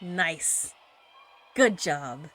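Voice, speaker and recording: A woman hosting a reaction channel, chatting casually and getting excited, sometimes shouting and laughing. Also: low-pitched, drawn-out words, slight background noise. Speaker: K-pop reaction channel host.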